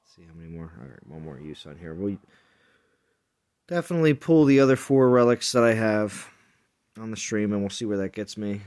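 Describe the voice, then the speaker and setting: A man's voice: lowish voice, animated, a little fast, a little mellow, smooth. A man streaming a mobile game, chatting in a rambling, jokey way with friends and viewers. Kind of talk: casual live-stream chat.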